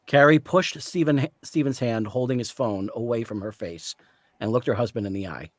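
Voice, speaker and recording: A man reading the narration of a story aloud at a live reading, in a steady storytelling manner. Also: mid-range voice, normal speed, no echo. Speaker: reader, narrator.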